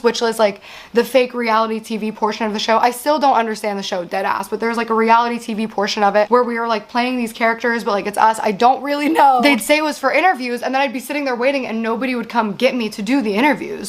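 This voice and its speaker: A woman's voice: fairly high pitch, steady tone, fast, few pauses. A woman in her thirties telling a long personal story as host, rambling with lots of "like" and swearing, exasperated as she vents. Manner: rambling, frequent "like" and profanity, exasperated venting. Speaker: show host. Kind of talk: candid storytelling monologue.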